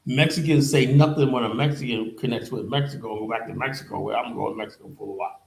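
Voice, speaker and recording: In Liberia, West Africa, an American commentary-channel host delivers a heated, fast political rant, blunt and sarcastic, repeatedly slipping into mocking voices of his opponents. His everyday mid-pitched male voice is creaky and sing-song, on a low-quality recording with slight background noise.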